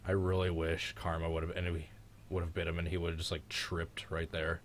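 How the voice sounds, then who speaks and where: A man's voice: low voice, monotone, fairly quick, slight background noise. A man hosting a live race reaction with friends, congested and sick, his voice cracking, chatty and teasing as he rambles through old races. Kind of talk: casual live commentary with friends.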